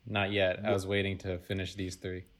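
A man's voice: low voice, completely flat delivery, fairly quick, a bit bright. A man chatting casually about movies with friends, laid-back and a bit hesitant.

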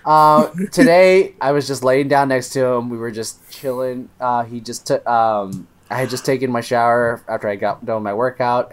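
A man's voice: medium pitch, clear, resonant tone. A man in casual chat telling family stories, laughing often and swearing.

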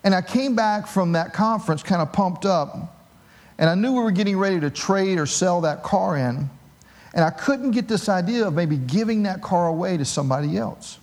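Middle-aged male pastor, a touch high-pitched, animated sermon storyteller with a joking streak. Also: normal speed. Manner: animated storytelling with self-mocking humor.

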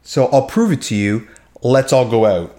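A man's voice: mid-range voice, lively intonation, moderate pace, mellow. A man co-hosting a podcast, telling rambling, profane stories in casual chat with many restarts. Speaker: podcast co-host.

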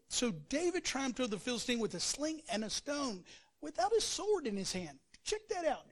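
A male pastor preaching a sermon, telling the story with energy and acting out quotes and sound effects. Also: high-pitched.

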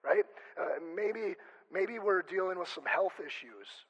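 A man's voice: high voice, lively intonation, a little slow, husky, lo-fi sound. A male pastor preaching a conversational sermon, chatty and joking, often stopping and restarting mid-sentence. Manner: chatty, self-interrupting, joking asides.

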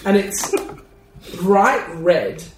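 Man, game master, scene-setting narration, higher voice, roomy echo, distant mic. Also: very animated, drawn-out words, background noise. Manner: laughs often, describes scenes in detail. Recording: echoey room, far from mic.

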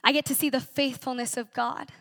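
A woman's voice: high voice, little pitch movement, fairly quick, a bit bright, no echo, clean studio sound. A young woman in her twenties sharing an earnest, emotional personal testimony at a church conference, telling her story with animation.

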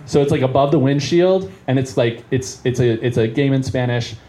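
A man's voice: mid-range voice, moderate pace, dark tone. A man doing stand-up, telling a long story in a rambling, self-interrupting way and chuckling at it as he goes. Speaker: comedian. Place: live venue.

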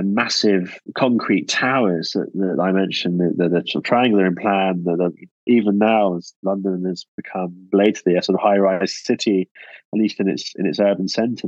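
A man's voice: deep voice, no echo, highs cut off. A man answering interview questions about architecture, thoughtful and full of restarts and fillers.

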